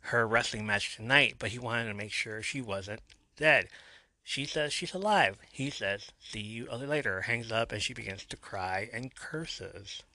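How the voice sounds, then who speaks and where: Bright-voiced man recapping a show. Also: mid-range voice, no echo. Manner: retells scenes and reads quotes with a few asides. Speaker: podcast host recapping a TV episode. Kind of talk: casual episode recap.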